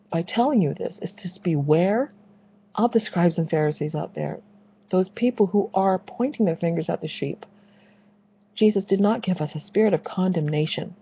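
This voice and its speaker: A woman's voice: fairly low pitch, husky, highs cut off. A woman delivering an impassioned, preachy religious rant, repeating phrases for emphasis. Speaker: Christian video blogger.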